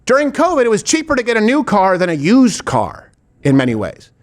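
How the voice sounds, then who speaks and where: A man hosts a political talk show, firing off rhetorical questions soaked in sarcasm. His voice is high and fairly quick, with huge swings in pitch.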